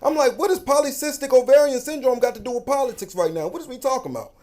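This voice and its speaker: A man's voice: very high voice, lively intonation, quick pace, warm tone, reverberant. A man with an African American English accent in a blunt, emphatic direct-to-camera rant that keeps circling back to his points. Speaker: social media commentator.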